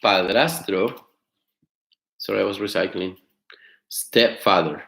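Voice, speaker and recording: A man teaching an online class, explaining words slowly, repeating them and asking his students questions. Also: sits low, gravelly, a bit bright, reverberant. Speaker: Spanish teacher. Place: home studio.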